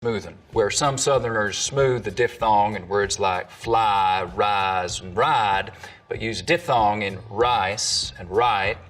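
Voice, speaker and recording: A man's voice: lowish voice, a little slow, hardly any pauses, fairly bright tone, recorded from a distance. A man, a dialect coach, explaining accents in scripted narration and demonstrating sounds.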